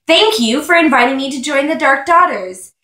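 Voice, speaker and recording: A woman's voice: high voice, lively intonation, normal speed, sharp tone, pitched above the performer's own voice. A woman reading the lines of a teenage girl who is feigning cheerful cluelessness, in an echoey room. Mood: fake-cheerful.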